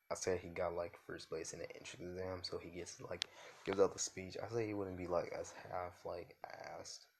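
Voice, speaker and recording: A man's voice: low-pitched, creaky. A young man making a video, loosely improvising a fan-fiction story at home in slangy talk full of fillers. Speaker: YouTuber.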